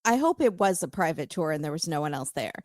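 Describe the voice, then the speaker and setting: A woman guest in a casual podcast chat who makes quick joking asides. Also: deep voice, big pitch swings, darkish tone, dry recording, studio quality.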